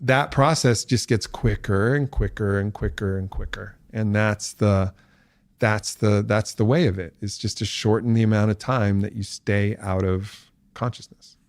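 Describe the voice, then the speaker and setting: A man with a fairly low voice tells a story as a podcast guest, relaxed and reflective, often laughing as he goes. The sound is dry and close, with no room around it. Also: unhurried, dry recording. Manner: laughs while telling stories; reflective, uses many fillers. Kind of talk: casual storytelling.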